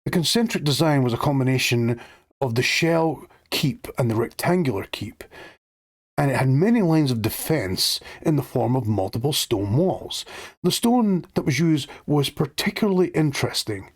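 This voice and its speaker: A man's voice: medium pitch, lively intonation, normal speed, no echo, clean studio sound, voice pushed up. A man voicing a fussy, long-winded talking clock who lectures and splutters. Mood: pedantic. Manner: pedantic and spluttering.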